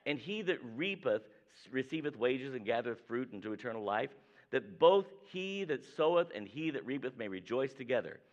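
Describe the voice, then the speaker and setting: A man's voice: medium pitch, sing-song, normal speed. Man preaching a sermon on a dull, lo-fi recording. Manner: conversational, asks "right?" often, acts out quoted voices. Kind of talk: sermon with scripture reading.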